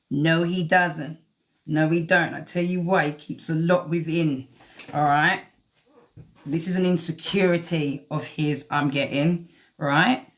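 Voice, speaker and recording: Woman, live tarot reader; chatty, blunt, swears at the cards, lowish voice. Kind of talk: live-stream tarot reading.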